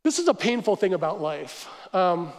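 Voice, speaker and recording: A man preaching a sermon as pastor, telling the story with animated asides and acting out the crowd's complaints. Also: sits high, normal speed. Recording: church hall reverb.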